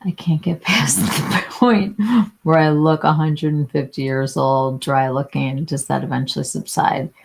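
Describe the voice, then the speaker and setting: Chatty woman host on a beauty live, low gravelly voice, slow and easy, lots of likes and restarts. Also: flat delivery, slight background noise. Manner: chatty, many fillers and restarts, answers viewers by name. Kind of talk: casual live chat reading viewer comments.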